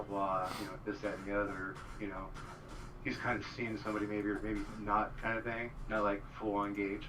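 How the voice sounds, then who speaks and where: A man telling a rambling story in casual chat, full of fillers. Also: fairly low pitch. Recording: distant mic with noise.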